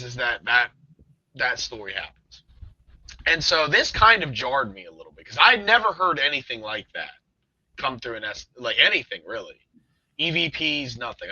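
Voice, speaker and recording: A man's voice: medium pitch, bright, forceful tone, no room sound. A man hosting a podcast, telling a ghost story in a rambling casual way with many fillers and restarts. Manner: rambling, with frequent "um" and "like" and self-restarts. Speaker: podcast host. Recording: dull lo-fi dry sound.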